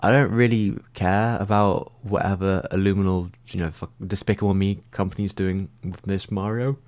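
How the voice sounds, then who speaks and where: Low-voiced man rambling through stream chat. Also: fairly even intonation, normal speed, darkish tone. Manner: rambling, heavy use of "like"; thinks aloud with frequent restarts. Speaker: streamer answering viewer comments. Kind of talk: casual livestream chat.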